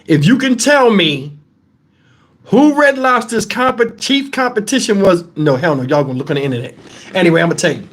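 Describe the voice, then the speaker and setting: A man hosting his channel, telling profane stories to viewers in a casual, animated way and breaking into laughter. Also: high-pitched, moderate pace. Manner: talks straight to the audience with questions. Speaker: channel host telling stories to a live chat.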